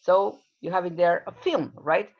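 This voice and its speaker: A woman's voice: lowish voice, a little slow, highs cut off. A woman teaching an English class over a video call, explaining patiently with plenty of fillers.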